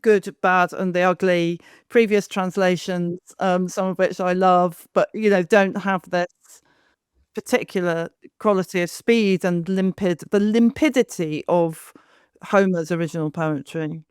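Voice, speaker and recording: A woman's voice: lowish voice, fairly even intonation, measured pace, smooth, no echo, clean studio sound. A woman co-host summing up points and asking long, winding questions of her guest. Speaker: podcast co-host. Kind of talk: interview conversation.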